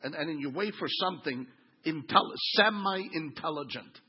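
Pastor, man in his fifties, high lively husky voice, sermon on a dull lo-fi recording. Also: moderate pace. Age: 50s. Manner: animated, swings from quiet asides to loud exclaiming.

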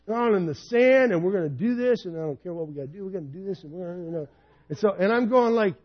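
A man's voice: sits high, slightly rough, lo-fi sound. A man in his fifties preaching a sermon in a personal, conversational storytelling way. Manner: conversational, personal storytelling, animated when retelling. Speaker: pastor.

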